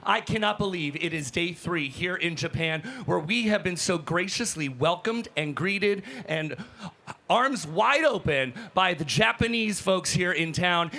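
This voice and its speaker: A man working as hype host on a convention show floor, enthusiastic and loud as he greets fans. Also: high-pitched, lively intonation, measured pace, gravelly. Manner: enthusiastic, hype, shouting to crowd. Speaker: hype host, roaming reporter. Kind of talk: energetic crowd interviewing.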